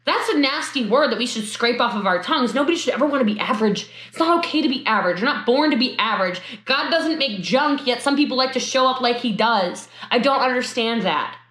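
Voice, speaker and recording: High bright lady hyping up her sales team, emphatic and repetitive, echoey room. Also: animated, quick pace, few pauses. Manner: emphatic, repetitive, bursts into laughter and high-pitched exclamations. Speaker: motivational speaker to a sales team. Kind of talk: motivational talk.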